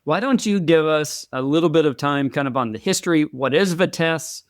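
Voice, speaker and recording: Smooth, slightly high-voiced male host. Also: brisk, no echo, clean studio sound. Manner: friendly, repeats words while talking. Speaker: podcast host. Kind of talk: casual podcast interview.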